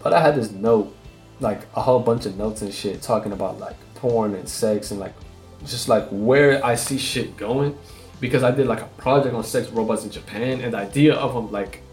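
A man's voice: fairly low pitch, a little mellow. A man hosting a solo podcast and rambling casually, with lots of swearing and "like" fillers. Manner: loose and profane, with many "like" fillers. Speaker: podcast host.

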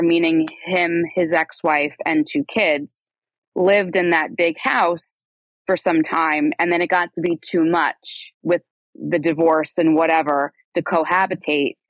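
A woman's voice: low voice, no echo, low-quality recording. A woman in her thirties, a podcast guest telling her own story in a conversational, rambling way with asides and self-corrections. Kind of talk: candid personal storytelling.

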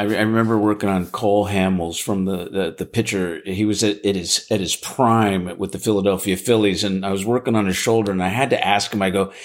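A man, an athletic trainer and guest on a podcast, telling stories with frequent stammering restarts. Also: on the low side. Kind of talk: casual interview storytelling.

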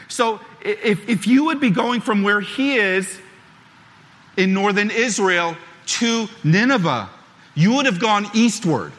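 High-voiced preacher in a reverberant hall. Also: male voice. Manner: measured, steady reading of scripture, then conversational preaching with restarts. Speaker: pastor. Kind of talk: scripture reading and sermon.

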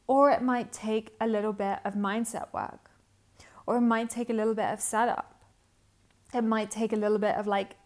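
Chatty upbeat woman podcaster. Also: on the high side. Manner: chatty, upbeat, acts out inner thoughts. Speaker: podcast host and business coach. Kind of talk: casual solo podcast monologue.

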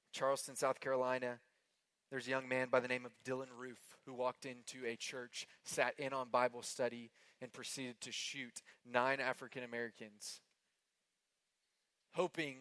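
Bright-voiced earnest male preacher. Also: mid-range voice, dry recording. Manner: earnest, emphatic preaching with repeated phrases; swings between hushed and impassioned delivery. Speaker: pastor. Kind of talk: sermon.

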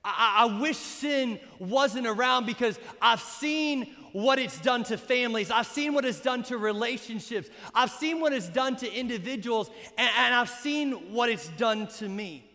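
A man pastor preaching an energetic, joking sermon at a baptism, sometimes bursting into shouts. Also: very high voice, a little slow, hardly any pauses. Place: church sanctuary during a baptism. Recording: echoey hall.

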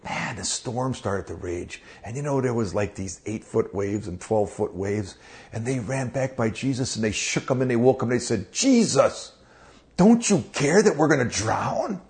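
A man's voice: fairly low pitch, moderate pace, a little mellow. A man preaching in a conversational devotional style, earnest, asking rhetorical questions and often repeating words as he goes.

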